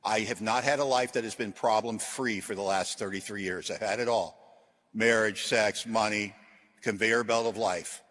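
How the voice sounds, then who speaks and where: A middle-aged man giving a recovery talk to a large audience, telling self-deprecating stories with punchy one-liners and shifting from loud jokes to quiet earnestness. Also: fairly low pitch, fairly even intonation, normal speed. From Washington, USA. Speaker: AA convention speaker.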